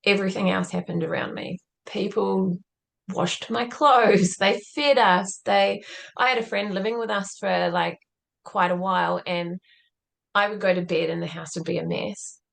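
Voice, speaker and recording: A woman's voice: mid-range voice, steady tone, moderate pace, vocal fry. A woman as a podcast guest, telling a personal story in an earnest, reflective way and often saying "like". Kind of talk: conversational interview storytelling.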